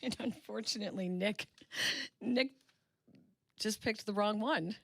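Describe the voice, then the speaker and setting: A woman's voice: medium pitch, a little slow, creaky, husky, no echo. A woman from the Chicago area hosting a sports radio show in casual chat. She laughs easily and loses her train of thought. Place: radio studio. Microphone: studio microphone.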